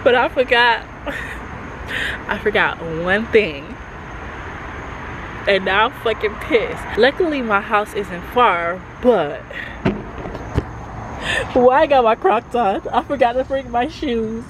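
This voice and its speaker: A woman's voice: on the high side, animated, takes it slowly, pauses often, noisy background. A woman in her twenties vlogging from her car, chatty and nervous, swearing freely as she talks straight to her phone camera. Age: 20s. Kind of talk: casual vlog monologue. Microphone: handheld phone or camera.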